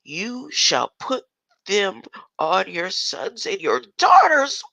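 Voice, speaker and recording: Older speaker, rambling monologue, gravelly and bright-toned, dry close sound, laughing asides, rhetorical "huh?". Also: mid-range voice, sing-song, takes it slowly, no room sound. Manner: laughs often and keeps asking "huh?"; reads verses aloud then argues with them. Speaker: self-styled scripture commentator.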